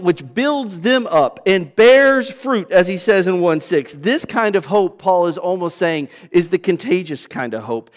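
A man preaching a sermon as pastor, swinging from loud emphasis to hushed, low passages. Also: big-room sound.

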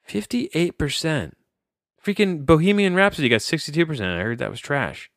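A young adult man reviewing a film in casual chat, rambling, often cutting himself off and getting excited. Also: a little high, normal speed, creaky, dry recording, studio quality. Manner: rambling, self-interrupting, easily excited. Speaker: podcast movie reviewer.

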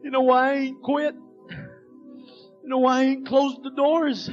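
Fiery shouting preacher with a very high voice. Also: male voice, flat delivery, measured pace, highs cut off, faint music behind. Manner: fiery, shouting delivery with frequent "uh" breaths; colloquial, folksy phrasing. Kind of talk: revival sermon.

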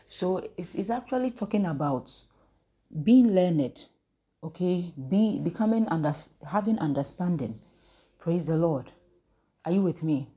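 Low-pitched woman preaching call-and-response. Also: dark tone. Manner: call-and-response, asks the listeners questions. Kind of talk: interactive Bible teaching.

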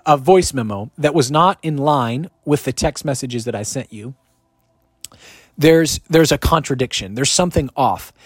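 A man preaching a sermon, emphatic and repeating his key lines, with sudden swings in loudness. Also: medium pitch, husky, no room sound, studio quality.

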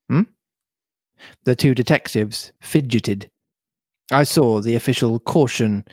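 Slow, husky man reading aloud. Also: medium pitch, darkish tone, dry recording. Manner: reads slowly, adding playful asides. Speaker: podcast host reading a novel aloud. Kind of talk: casual chat and book reading.

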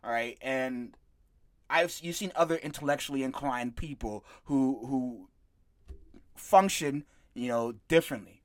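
A man's voice: medium pitch, a little slow. A young man co-hosting a podcast in casual chat, rambling, sarcastic and swearing freely. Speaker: podcast co-host.

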